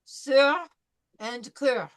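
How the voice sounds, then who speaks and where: A woman with a slightly high voice leads a language class through pronunciation drills. She sounds each syllable out slowly, says it again, and answers every attempt with patient encouragement. She turns from student to student by name. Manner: models sounds slowly and repeats them. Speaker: French teacher.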